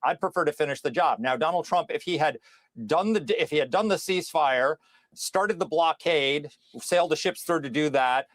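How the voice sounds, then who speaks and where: A political commentator explaining his view on a ceasefire in a deliberate, measured way, with frequent restarts. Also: a little high, a bit bright, no room sound.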